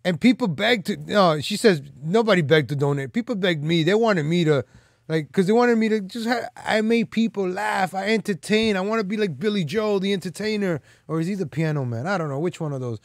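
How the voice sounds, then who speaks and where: A man with a voice pitched a little above the usual male range talks off the cuff as a live stream host. His delivery is loose and rambling, packed with "like" and "man" fillers, and it turns teasing and boastful. The sound is dry and close, with no room echo. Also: brisk. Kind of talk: casual rambling commentary.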